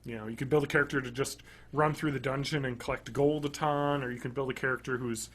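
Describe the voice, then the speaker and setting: A man in his thirties co-hosting a podcast, chatting casually and enthusiastically, rambling and swinging between loud bursts and quiet mumbles. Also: mid-range voice, fairly even intonation, fast talker. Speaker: podcast co-host. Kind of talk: casual chat.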